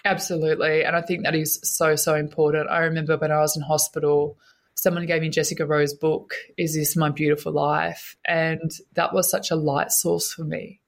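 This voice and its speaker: A woman's voice: low-pitched, flat delivery, moderate pace. A woman, a guest telling her own story in an interview, earnest and emotional, often repeating her words.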